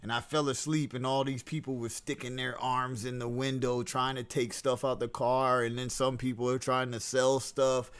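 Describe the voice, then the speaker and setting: A man hosting a casual podcast, speaking at an ordinary middle pitch. He tells stories loosely, in slang, with lots of fillers and restarts. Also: flat delivery, moderate pace, hardly any pauses, fairly bright tone, a little hiss or hum. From Jamaican family. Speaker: podcast host. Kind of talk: casual chat.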